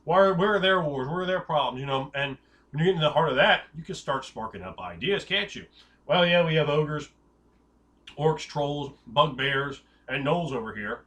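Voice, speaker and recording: A man giving tabletop game master advice in an excitable, hyperbolic way, rambling with restarts and jokey tangents. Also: on the high side, moderate pace. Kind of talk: casual advice talk.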